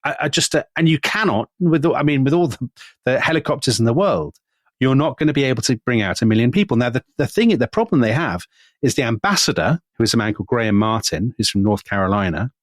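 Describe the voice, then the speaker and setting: A man co-hosting a podcast, telling history in a lively conversational way and dropping his voice to quote people. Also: fast talker, no room sound, clean studio sound. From Britain. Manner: animated, quotes figures in lowered voice. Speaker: podcast co-host.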